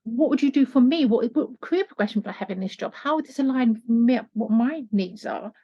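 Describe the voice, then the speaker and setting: A woman life coach talking earnestly in an interview, turning animated when she acts out what people say. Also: a little high, fairly quick. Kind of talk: conversational interview. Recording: dull lo-fi sound.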